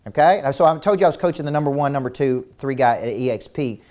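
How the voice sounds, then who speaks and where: Running a virtual seminar, a male business coach speaks quickly in a mid-range, darkish voice. He's intense and emphatic, shooting rhetorical questions at listeners and repeating words at the start of each point.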